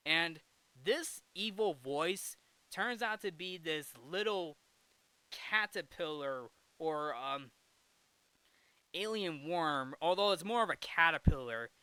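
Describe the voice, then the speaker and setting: A man's voice: on the high side, expressive, takes it slowly, bright, forceful tone, smooth, dry recording. A man hosting a casual film review, rambling through the plot with frequent self-corrections and restarts. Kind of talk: casual movie recap.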